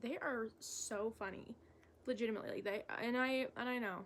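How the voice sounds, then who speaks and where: A young woman making a casual vlog, talking in a halting, candid way with lots of fillers and self-corrections. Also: on the high side, steady tone, slight background noise. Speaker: vlogger. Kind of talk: rambling stream-of-consciousness vlog.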